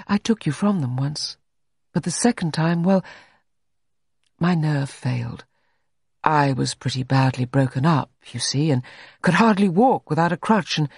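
A reader voicing a scarred, weary man who returned from the dead, speaking quietly and with resignation. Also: medium pitch, slightly rough, dry recording, clean studio sound.

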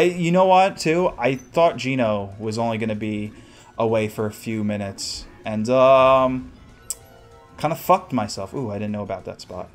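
A young man hosting a casual solo let's play, cursing, mocking himself and yelling at the game as he plays. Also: medium pitch. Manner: profane, self-mocking, shouts at the game. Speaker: gaming podcast host.

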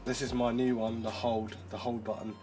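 A man reviewing tech in a casual demo, chatty and excitable, thinking aloud as he goes. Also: medium pitch, moderate pace, soft background music.

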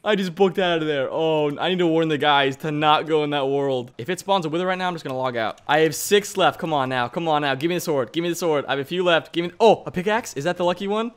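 A young man hosting a modded game let's-play, excitable, yelping and laughing when startled. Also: fairly high pitch, fast talker, few pauses, smooth. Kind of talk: excitable gameplay commentary.

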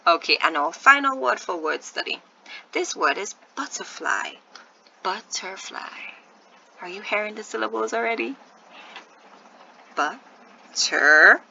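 A woman's voice: medium pitch, expressive, moderate pace, creaky, bright, forceful tone, muffled recording, a little hiss or hum. A woman teaching a first-grade video lesson, patiently sounding out words syllable by syllable and encouraging her young viewers.

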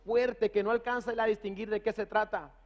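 A male pastor preaches in short phrases, leaving room for his interpreter, and tells stories in a lively way. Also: sits high, quick pace. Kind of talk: sermon preached through an interpreter. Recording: reverberant dull sanctuary audio.

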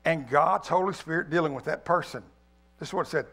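A man preaching an Easter sermon as pastor, swinging from loud appeals to quiet pleading. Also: a little high, a little fast, vocal fry. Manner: preaching, rising loud then dropping to a hush; reads a poem aloud with feeling. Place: church sanctuary.

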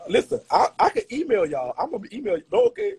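A man's voice: high voice, huge pitch swings, quick pace, darkish tone, husky, poor audio. A man chatting casually with viewers on a live stream, slangy and laughing often. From Louisiana.

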